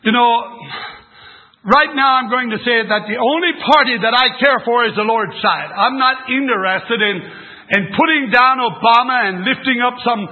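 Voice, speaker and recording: High-voiced older man preaching, tinny. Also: moderate pace. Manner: folksy, rambling storytelling with restarts. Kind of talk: sermon. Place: religious meeting. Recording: tinny phone-like sermon recording.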